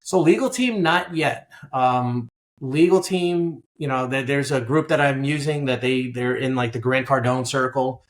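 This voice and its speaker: A man's voice: medium pitch, a little slow. A man from Queens, a guest in a conversational interview, telling stories and acting out dialogue. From Queens, New York. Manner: animated storyteller, acts out dialogue. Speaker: guest, business buyer.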